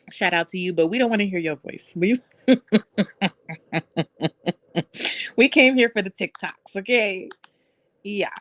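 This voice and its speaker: A woman's voice: lowish voice, a bit bright, dry recording. A woman hosting a casual live stream, talking loosely and bluntly with lots of swearing and laughter.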